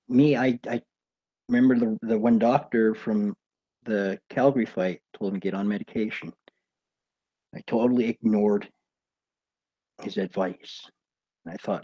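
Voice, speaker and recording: A man's voice: medium pitch, moderate pace, dark tone, slightly rough, dull audio. A man who used to box, hosting and telling a casual, rambling story with lots of fillers and swearing. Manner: rambling, with many fillers and restarts, swears freely. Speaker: host, former pro boxer.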